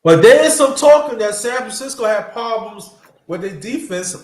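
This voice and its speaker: A man talks football in a loose, casual chat, swearing and circling back over his words. His voice sits high and swings widely in pitch. The room around him is echoey. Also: moderate pace. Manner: animated, swearing, trailing restarts.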